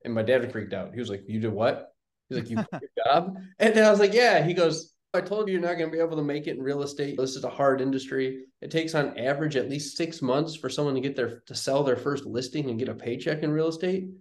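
A man's voice: a little high, fast talker, hardly any pauses. A young man, a guest on an interview show, casually telling a story and acting out the dialogue. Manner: animated storyteller, acts out quoted dialogue. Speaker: guest, real estate investor. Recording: roomy echoey sound.

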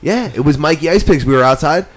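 A man's voice: fairly high pitch, lively intonation, fast talker. A man telling a long story in casual chat, swearing constantly and acting out the people in it. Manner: profane storytelling, mimics others' voices.

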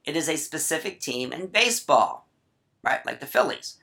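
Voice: medium pitch, animated, normal speed, vocal fry, bright, forceful tone. A writing teacher giving a casual grammar lesson, chatty and full of asides, often checking in with "right?".

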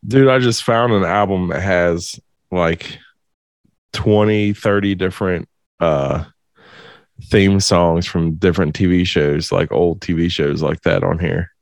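A man's voice: low voice, unhurried, no room sound. A young man in casual podcast chat, laid-back and enthusiastic.

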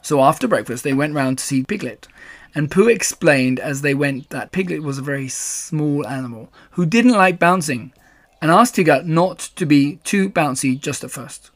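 Guy narrating a kids storybook, calm and even, bit higher voice. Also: normal speed.

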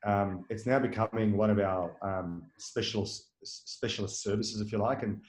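A man's voice: on the low side, fairly even intonation, normal speed, reverberant, poor audio. A man running a marketing agency, talking in a casual interview, rambling with fillers and restarts and tagging his points with "right?". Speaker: marketing agency owner, guest.

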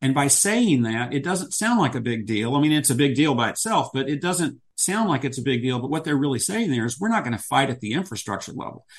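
A man's voice: mid-range voice, expressive, a little fast, few pauses. A man who is a podcast guest, explaining ideas at length and returning to his key phrases. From United States. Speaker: guest, business strategist. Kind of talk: podcast interview.

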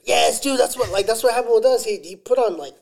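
A man's voice: very high voice, quick pace, vocal fry, darkish tone. A man co-hosting a podcast, chiming in with crude remarks in casual chat. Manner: profane, chiming in. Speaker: podcast co-host.

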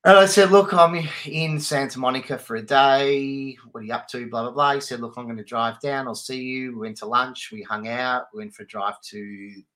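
A man's voice: medium pitch, fairly even intonation, normal speed, a bit bright. A man, a podcast co-host telling stories casually, laughing and swearing freely. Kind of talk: casual chat.

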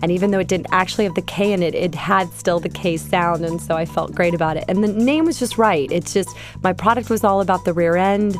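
A middle-aged woman telling her founder story in an interview, lively and anecdotal. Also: on the low side. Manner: lively anecdotal storytelling, quotes herself and others. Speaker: guest, company founder.

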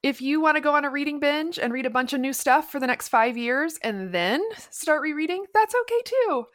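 A woman co-hosting a book podcast in casual chat. She speaks thoughtfully and pauses on frequent "um"s. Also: high voice, lively intonation, fairly bright tone, no room sound, clean studio sound. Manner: thoughtful, many "um"s. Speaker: podcast co-host.

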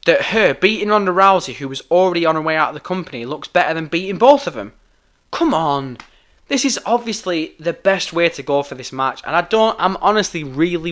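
A hoarse man rants into his podcast microphone, swearing freely and circling back over his points. His voice is bright, forceful and a touch high, worn rough from talking at length. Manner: heated, sweary, repeats himself. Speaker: podcast host. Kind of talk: ranting podcast commentary.

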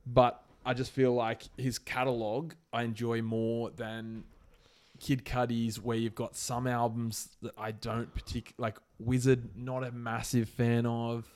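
Relaxed rambling man, casual podcast talk. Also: mid-range voice, unhurried. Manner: relaxed, rambling with many fillers. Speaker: podcast co-host. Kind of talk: casual chat.

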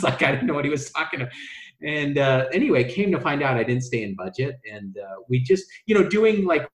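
A man's voice: mid-range voice, lively intonation, fairly quick. Rambling storyteller man, echoey room. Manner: rambling, many restarts and "like" fillers; acts out quoted voices in his stories. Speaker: travel business owner telling his story. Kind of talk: casual interview storytelling.

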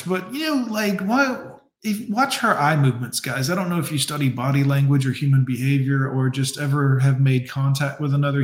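A man's voice: on the high side, roomy sound. A man hosting a reaction video, giving casual mocking commentary with sarcastic, swearing asides.

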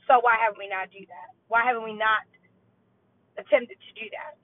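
A woman in her thirties giving an animated personal faith testimony with rambling asides and emphatic near-shouts. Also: a little high, normal speed. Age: 30s. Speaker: teacher giving a faith talk. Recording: tinny phone-line sound.

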